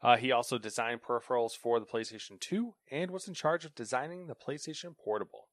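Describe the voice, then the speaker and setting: A man co-hosting a casual gaming news podcast, chatty and animated, acting out little skits. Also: mid-range voice, fast talker, no echo, clean studio sound. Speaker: co-host reading gaming news.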